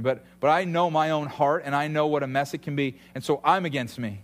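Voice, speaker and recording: A man in his thirties preaching a sermon, telling stories and acting out quotes with lively energy. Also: a little high, brisk. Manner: animated storytelling with acted-out quotes. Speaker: pastor.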